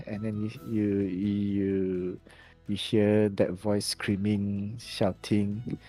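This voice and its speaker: A man's voice: lowish voice, level tone, slow, warm tone, soft background music. A man narrating a tabletop game as game master, hesitant, often correcting himself mid-sentence. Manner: hesitant, many restarts and self-corrections.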